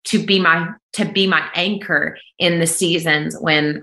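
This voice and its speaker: A woman worship singer, a guest on a remote call, sharing her faith in an earnest, emphatic, deliberate way. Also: deep voice, steady tone, bright, forceful tone, roomy sound, low-quality recording. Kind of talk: heartfelt faith testimony in conversation.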